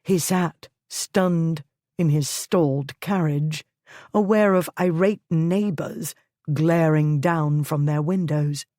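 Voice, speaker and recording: A woman narrating a historical romance audiobook in a steady, measured reading. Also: deep voice, no echo, clean studio sound. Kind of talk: scripted narration.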